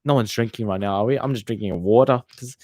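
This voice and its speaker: With a lowish voice, a young football channel host rambles through a casual livestream, swearing freely as he reads viewer comments. He is chatty and often trails off mid-sentence. The audio is studio quality, without echo.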